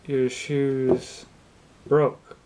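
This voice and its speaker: A young man improvising one side of a phone call as a shoemaker, asking a customer question after question in an incredulous, deadpan, mock-supportive way. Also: medium pitch, very slow, slight background noise.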